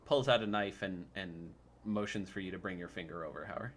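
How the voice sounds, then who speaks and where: A man narrating as game master in a tabletop game, talking in a halting way with many fillers. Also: sits low, slight background noise.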